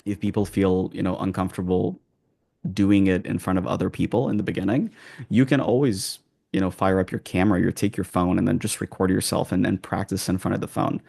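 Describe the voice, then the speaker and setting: A man working as an accent coach, answering interview questions in a calm, measured way, with pauses and frequent restarts. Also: low voice, creaky, husky.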